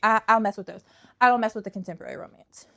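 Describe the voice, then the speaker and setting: A woman's voice: medium pitch, racing, gravelly, fairly bright tone. A young woman chatting casually about books she reviews, sassy and emphatic, often repeating lines for effect. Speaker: book reviewer. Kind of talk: casual vlog chat.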